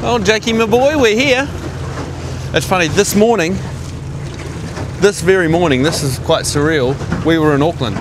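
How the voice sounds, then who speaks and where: Man, fishing show host, jokey and upbeat, fairly high voice, outdoor noise behind. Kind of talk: casual on-camera presenting. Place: outdoors by a lake and on a small boat.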